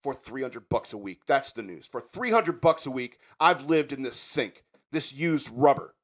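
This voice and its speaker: A man's voice: mid-range voice, normal speed, voice pushed down, close to an everyday voice. A man doing an impression of a weary office worker delivering a bitter speech as he quits his job.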